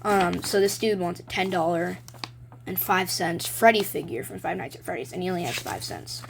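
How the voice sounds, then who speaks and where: A woman with a lowish, animated voice speaks at a normal speed, with vocal fry and a faint hiss or hum in the background. She's casually vlogging as a video maker, rambling with plenty of ums and likes while showing off her own drawings.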